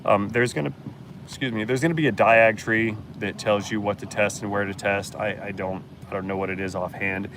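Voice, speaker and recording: A man's voice: fairly low pitch, steady tone, brisk, noisy background. A man hosting a casual live-stream Q&A as a mechanic, blunt and joking as he answers chat.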